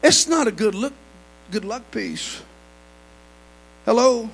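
High, gravelly preacher man with hum. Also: expressive, slow, poor audio. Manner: swings from low murmurs to shouted preaching, many "uh" fillers. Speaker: pastor. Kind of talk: sermon.

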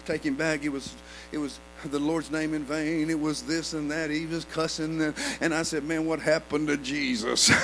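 Male pastor, high and gravelly, preaching with big swings in volume, faint mains hum behind. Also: normal speed, rough recording. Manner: swings from low murmurs to shouted preaching, many "uh" fillers. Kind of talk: sermon.

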